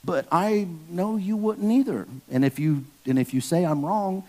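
Pastor guy, slangy jokey sermon, kinda high voice. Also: moderate pace, mellow. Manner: slangy, joking, talks straight to the congregation. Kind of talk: casual sermon.

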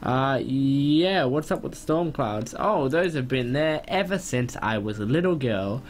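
A man's voice: medium pitch, animated, a little slow, slight background noise, lightly acted. Man reading as a chatty island woman.

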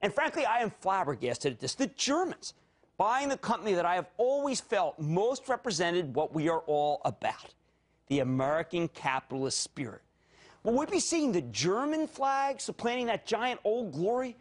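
A man in his fifties with a Philadelphia accent delivers high-energy financial TV commentary. His voice sits very high and leaps wildly up and down. He is theatrical and bursts into shouts between quick jokey asides. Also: big pitch swings. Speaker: TV market commentator.

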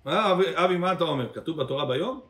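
A rabbi teaches a Torah class to his congregation in a high, expressive, slightly bright voice that races along. He calls on people by name, quizzes them, and moves between English and Hebrew phrases.

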